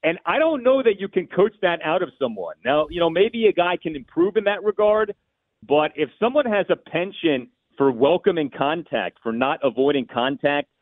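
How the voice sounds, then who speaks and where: A man giving measured, opinionated analysis on sports radio, thinking aloud with small restarts. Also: fairly high pitch, animated, dry recording. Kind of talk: call-in sports radio talk. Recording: tinny phone line.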